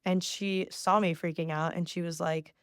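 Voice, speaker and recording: Here a podcast host in her twenties recounts a personal story on her own, chatty and poking fun at herself, peppering it with "like." Her fairly low, clear, resonant voice moves at a normal speed with fairly even intonation, and the studio recording is clean and dry.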